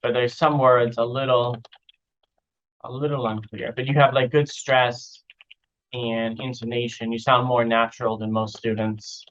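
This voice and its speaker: A man giving casual spoken feedback as an IELTS speaking teacher, relaxed and repeating example phrases to model how they sound. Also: mid-range voice, unhurried, muffled recording. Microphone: online video call.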